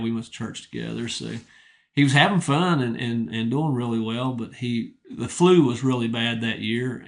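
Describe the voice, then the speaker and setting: A man's voice: mid-range voice, creaky. A middle-aged man, a retired wrestling coach, telling humble, straightforward stories in a casual interview. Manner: humble, straightforward, rambling anecdotes.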